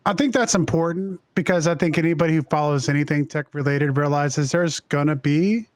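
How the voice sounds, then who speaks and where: A man's voice: a little high, fairly quick, dry recording. A man hosting an interview podcast, conversational, asking his guest follow-up questions. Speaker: podcast host. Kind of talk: casual interview talk.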